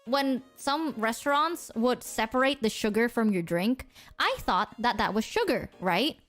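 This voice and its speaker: A young woman streamer telling a story to her chat in a casual, excitable way, swearing freely. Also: fairly high pitch, unhurried, soft background music. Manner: excitable, animated, swears a lot.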